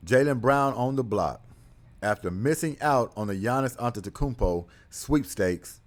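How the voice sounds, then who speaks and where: A man hosting a casual sports talk show, speaking animatedly, with frequent laughter and loud whoops. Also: medium pitch, lively intonation, moderate pace. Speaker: sports commentary host.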